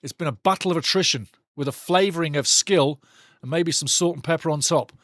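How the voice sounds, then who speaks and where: Man, football watch-along commentator, passionate and mocking, fairly high voice, dry close sound. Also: fairly quick, dry recording. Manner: loud, passionate, mocking the referee. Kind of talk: live match commentary with chat banter.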